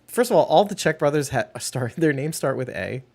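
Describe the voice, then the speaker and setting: A man's voice: fairly high pitch, animated, brisk, creaky, darkish tone. A man co-hosting a podcast in casual chat, joking and rambling, with frequent laughs. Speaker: podcast co-host.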